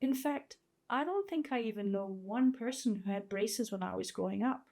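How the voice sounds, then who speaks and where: A woman's voice: mid-range voice, lively intonation, moderate pace, vocal fry, mellow. Heartfelt woman in her fifties vlogging. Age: 50s. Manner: candid and heartfelt, openly emotional. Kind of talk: personal video diary.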